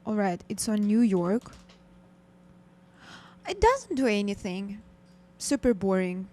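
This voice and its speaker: A woman's voice: mid-range voice, big pitch swings, takes it slowly, darkish tone. Upbeat female trading co-host. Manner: upbeat, reads viewer messages. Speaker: co-host trader. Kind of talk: live trading show chat.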